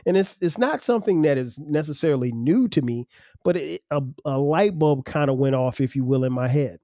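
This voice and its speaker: A man's voice: on the high side, lively intonation, fairly quick, mellow, no echo, clean studio sound. A man hosting his own podcast, talking casually and loosely, restarting his words as he goes. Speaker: podcast host. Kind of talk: casual solo podcast talk.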